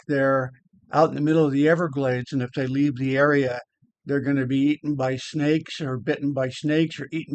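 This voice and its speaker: A man's voice: fairly high pitch, a little mellow, clear, resonant tone, no room sound, highs cut off. An older man rambling casually over photos of an old hike, blunt, with many repeated words. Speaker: vlogger.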